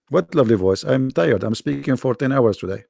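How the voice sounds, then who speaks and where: A man hosting a live debate stream, tired and hoarse, talking in a sarcastic, taunting way. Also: mid-range voice, animated, moderate pace, a little mellow, no room sound, studio quality. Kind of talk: casual mocking live-stream talk. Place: quiet room at home.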